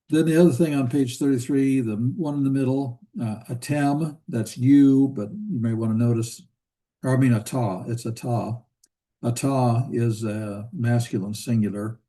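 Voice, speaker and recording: Relaxed man teaching a Hebrew class. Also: medium pitch, unhurried. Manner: relaxed, thinking aloud with fillers and rhetorical questions. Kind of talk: classroom lecture. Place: church classroom.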